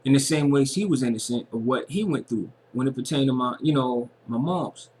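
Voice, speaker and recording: A man speaks earnestly in a casual personal monologue for his vlog. He sits at a middle pitch and circles back to the same phrases to drive his point home. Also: fairly quick, a little mellow. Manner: earnest, repeating phrases for emphasis. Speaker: vlogger.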